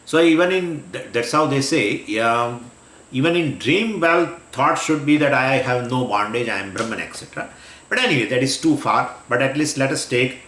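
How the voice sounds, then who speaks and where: A man giving a scriptural lecture, speaking at a middle pitch. He explains patiently, repeating key phrases and pausing with fillers and restarts. The room has a noticeable echo. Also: expressive, fairly bright tone. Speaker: Vedanta teacher.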